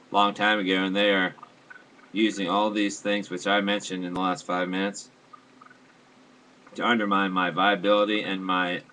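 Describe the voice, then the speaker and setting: A man rambling to his viewers in a halting monologue, full of fillers and restarts, airing grand complaints earnestly. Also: sits low, sharp tone, a little hiss or hum, poor audio. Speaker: vlogger.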